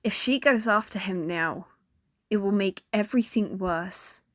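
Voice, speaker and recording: A woman voicing a caring young woman who speaks softly and worriedly, turning firm when needed. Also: medium pitch, unhurried, no echo, clean studio sound, close to an everyday voice.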